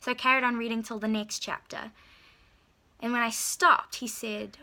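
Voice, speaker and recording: Bright-voiced woman. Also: on the high side, level tone, normal speed. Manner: chatty, lots of "like" and "you know". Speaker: vlogger. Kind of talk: personal storytelling.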